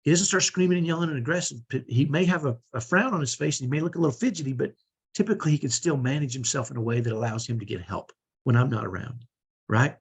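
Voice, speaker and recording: A man's voice: medium pitch, fast, breathy edge. A man coaching parents, telling a personal story in an earnest, conversational way with many restarts. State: sore shoulder. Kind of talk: teaching talk with personal stories.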